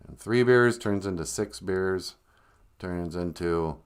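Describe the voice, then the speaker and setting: A man's voice: lowish voice, lively intonation, normal speed. A man hosting a casual livestream who tells jokey stories and acts out quotes. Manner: joking storyteller, acts out voices. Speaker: livestream host.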